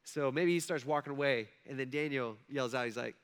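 A man's voice: medium pitch, brisk, clear, resonant tone. Male pastor, conversational sermon delivery, keeps checking in with the crowd. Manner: conversational, frequent asides and check-ins with the audience.

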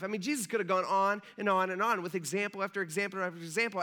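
A young adult man preaching a sermon in a casual, animated, conversational way, full of fillers and direct questions to the listeners. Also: sits high, fast, few pauses.

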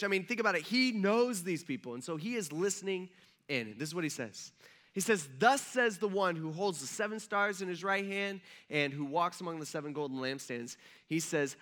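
Bright-voiced man preaching casually. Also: sits high, expressive, moderate pace. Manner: casual, conversational preaching with asides to the congregation. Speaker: pastor. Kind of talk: sermon.

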